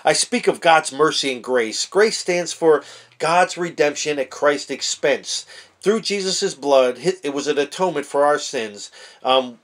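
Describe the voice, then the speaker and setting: A fervent man preaches straight to the camera in a loose, slangy way, with a voice that sits a little high. He drops to a hushed, earnest tone, then rises into shouted praise. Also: a little slow. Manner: casual street slang. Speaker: online preacher.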